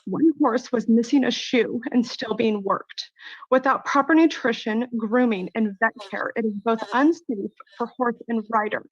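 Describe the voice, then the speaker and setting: A woman's voice: a little high, normal speed, muffled recording. A woman giving an earnest, emotional public comment at a city council meeting, reading out prepared remarks.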